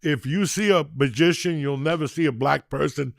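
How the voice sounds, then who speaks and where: A man in his sixties hosting a podcast, telling stories casually in a profane, rowdy way that gets loud when he is excited. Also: a little high, moderate pace, no echo, studio quality. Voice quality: gravelly. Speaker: podcast host.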